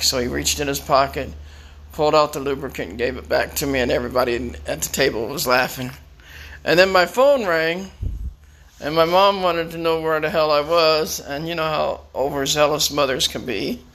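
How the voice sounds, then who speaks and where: A man tells his stories casually, wandering from one to the next and repeating himself often. His voice is a little high and bright, with a gravelly rasp running through it. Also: normal speed. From Florida. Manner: rambling, repeats words, chuckles often. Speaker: storyteller. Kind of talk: casual personal storytelling.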